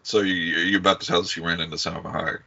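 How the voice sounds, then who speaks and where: A man's voice: deep voice, flat delivery, fast talker, gravelly, bright, forceful tone, dry recording. A man co-hosting a podcast, teasing and joking in casual chat. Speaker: podcast co-host. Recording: dull lo-fi sound.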